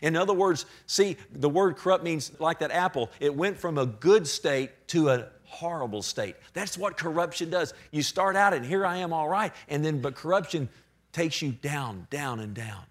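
A male pastor preaching a sermon with animated delivery, swinging from loud emphasis to a near-whisper and acting out short voices of people in his stories. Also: fairly high pitch, moderate pace.

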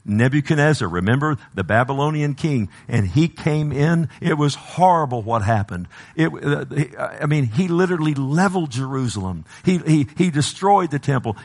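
A man's voice: medium pitch, expressive, normal speed. A man preaching a sermon, often asking the congregation for an "amen" and playfully acting out dialogue with God. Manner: preaching with call-and-response asides, acting out God's voice. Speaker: pastor.

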